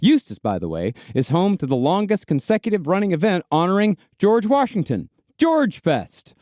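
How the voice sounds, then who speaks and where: A man's voice: sits high, big pitch swings, normal speed, a little mellow, no echo, clean studio sound. A man from Texas co-hosting a comedic podcast, narrating in a joking manner. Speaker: podcast co-host. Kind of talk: comedic storytelling.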